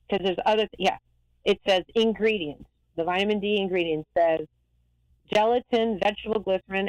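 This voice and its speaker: A woman eye doctor talking as a guest in a lively, rambling, emphatic way. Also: fairly low pitch, no room sound, low-quality recording. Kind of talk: casual interview talk.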